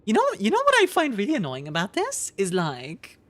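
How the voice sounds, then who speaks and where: A woman streaming a game, talking casually and in an animated way, getting worked up and laughing often. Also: mid-range voice, fairly quick.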